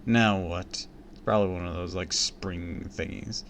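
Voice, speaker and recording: A man's voice: low voice, fairly even intonation, normal speed, gravelly, fairly bright tone, slight background noise. A man reading a children's book aloud on a stream, breaking off with crude, joking asides. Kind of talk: casual read-aloud with commentary.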